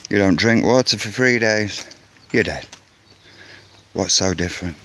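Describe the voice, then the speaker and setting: Man, ranting vlog, slow deliberate delivery, angry and insistent, faint background noise. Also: lowish voice, a bit bright. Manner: angry, insistent, repeats words while ranting. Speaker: vlogger.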